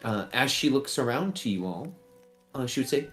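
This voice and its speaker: A man narrating a tabletop game as game master, relaxed and full of fillers. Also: medium pitch, normal speed, faint music behind.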